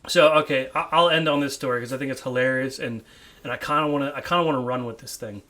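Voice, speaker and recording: A man's voice: medium pitch, quick pace, pushed and bright. A young man hosting a casual podcast from his man cave, rambling and laughing easily, often repeating his words. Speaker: podcast host. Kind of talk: casual chat. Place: home man cave, indoors.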